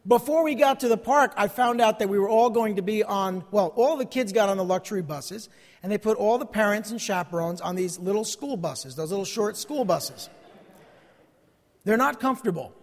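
High-voiced man in his forties preaching. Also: animated, moderate pace. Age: 40s. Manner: earnest, conversational preaching with rhetorical questions. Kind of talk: sermon. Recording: long hall reverb.

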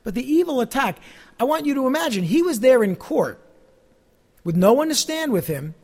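A male pastor with a notably high-pitched voice delivers a sermon. He talks in a relaxed, conversational way, full of everyday asides. His voice rises and grows louder on the phrases he wants to stress. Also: normal speed. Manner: conversational preaching with fillers, rising emphasis on key phrases.

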